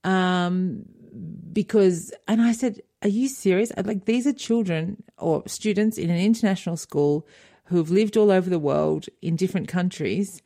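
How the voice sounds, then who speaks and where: A woman's voice: fairly low pitch, normal speed, warm tone. A middle-aged woman co-hosting a podcast, chatting casually, laughing often and retelling conversations. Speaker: podcast co-host. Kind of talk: casual chat.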